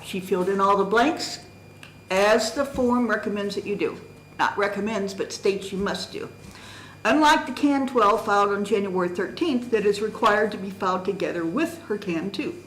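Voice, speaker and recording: A citizen stands before a county board to challenge a candidacy, reading from documents in formal testimony that is methodical and emphatic. She speaks at medium pitch and a moderate pace. The meeting-room audio is reverberant and low quality, with slight hiss or hum.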